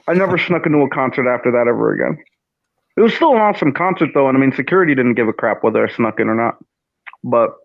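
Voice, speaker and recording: A man telling a funny personal story in a casual, animated way as co-host. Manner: animated, swings pitch up for quoted lines. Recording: dull lo-fi audio.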